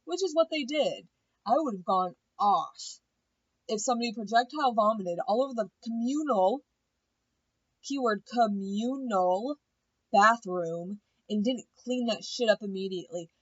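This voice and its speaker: A woman's voice: medium pitch, lively intonation, measured pace, no echo, muffled recording. A woman giving a blunt, profane, opinionated casual recap of a reality show.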